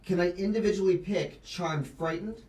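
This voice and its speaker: A man's voice: high-pitched, moderate pace, a little mellow, distant mic. A man playing a tabletop game, eagerly asking about the rules. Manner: eager, asks rules questions. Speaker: player. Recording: echoey room, off-mic.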